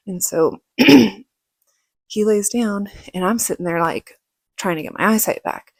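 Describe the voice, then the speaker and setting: A woman vlogger telling a personal story casually, acting out quoted lines in a higher, louder voice. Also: slow pace, creaky, long pauses, no echo, clean studio sound. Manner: casual, many fillers like "like".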